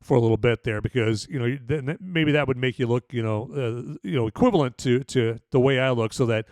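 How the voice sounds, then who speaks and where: A man quoting a blunt, rough-talking soldier in a slightly raised, teasing voice. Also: mid-range voice, a little fast, darkish tone, dry recording, clean studio sound, natural voice.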